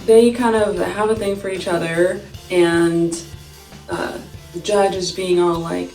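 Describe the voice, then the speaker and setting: Speaking at medium pitch with a darkish tone, a young female vlogger takes her time recounting a story as she does her makeup. The delivery is chatty, giggly, and packed with "like." It sounds like an echoey room with the mic far off and faint music playing.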